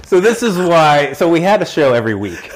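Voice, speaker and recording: A man reminiscing casually on a podcast, an agreeable, expressive co-host. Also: a little high, fairly quick, rough recording.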